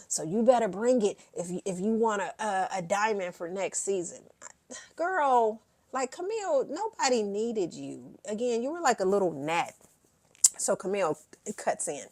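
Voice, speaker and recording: A woman's voice: fairly high pitch, big pitch swings, unhurried, no room sound. A woman recapping a reality show in a brash, sassy way. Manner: brash and sassy, quoting the cast in bursts.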